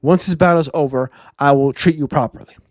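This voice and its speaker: A man voicing a calm, reassuring reindeer doctor. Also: on the high side, fairly quick, no room sound, studio quality, natural voice. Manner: soothing, reassuring.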